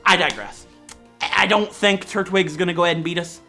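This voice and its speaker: Loud, excitable young-sounding man gaming. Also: sits high, moderate pace, faint music behind. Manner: loud, jokey, swings into shouting. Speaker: Let's Play host. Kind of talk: excitable gameplay commentary. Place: at home.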